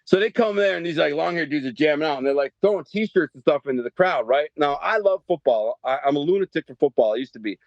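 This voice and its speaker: A middle-aged man, from Detroit, telling his life story as a podcast guest in a streetwise, animated way and acting out the voices in his quotes. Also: on the high side, fast, hardly any pauses, no room sound. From Detroit, USA. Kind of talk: casual storytelling. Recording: dry, dull podcast audio.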